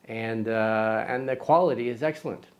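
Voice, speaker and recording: A man's voice: mid-range voice, normal speed. A man hosting a photography vlog, talking casually to camera in a rambling, self-deprecating way with many fillers and restarts.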